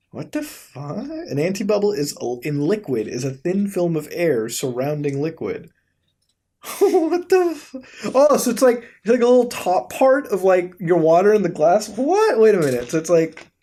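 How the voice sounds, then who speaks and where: A young man hosting a video, giving casual commentary as he browses websites, swearing, laughing and reacting in disbelief, swinging between mumbles and sudden loud outbursts. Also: fairly high pitch. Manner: profane, incredulous, laughs often. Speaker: YouTube host.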